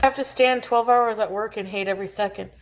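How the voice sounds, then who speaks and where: A woman's voice: medium pitch, fairly even intonation, fast. A woman in her forties chatting casually on a livestream, complaining and rambling. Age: 40s. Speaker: streamer in a reacted clip.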